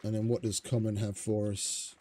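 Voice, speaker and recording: A man's voice: lowish voice, flat delivery, normal speed, mellow, a little hiss or hum. A man streaming a survival game, chatting casually in a rambling, profane, stop-start way. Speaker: gaming streamer. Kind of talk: casual gameplay commentary.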